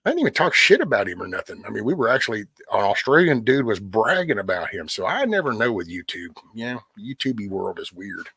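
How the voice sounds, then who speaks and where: Middle-aged man, drawl, husky, low voice, dry close sound, rambling live-stream chat. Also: sing-song, fairly quick, hardly any pauses, a bit bright, no echo. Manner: rambling, talks to chat by name. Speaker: livestream host.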